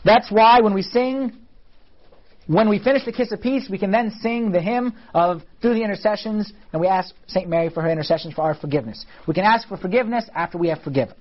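A man's voice: high-pitched, fast, dull audio. A man teaching a church class on the liturgy in a casual, conversational way, often asking his listeners questions.

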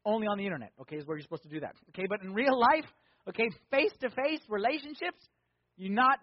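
A pastor with a medium-pitched voice and lively intonation preaches fast, driving points home by repeating key words and asking rhetorical questions. The recording is dry and slightly dull.

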